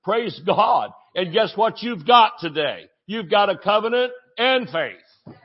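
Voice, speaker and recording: Male preacher, lively swooping delivery, slightly higher voice, dull lo-fi audio. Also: slow pace, breathy edge. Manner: animated preaching, shouting exclamations, asides and jokes. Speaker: pastor. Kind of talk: sermon.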